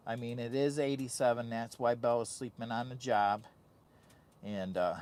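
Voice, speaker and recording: A man's voice: mid-range voice, moderate pace, a little mellow. A man with a mid-range voice rambles goofily while camping in a heated tent. He speaks into a phone camera and hypes himself up. The sound is close and intimate. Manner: goofy, rambling, hyped-up. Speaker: vlogger host. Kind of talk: casual camping vlog.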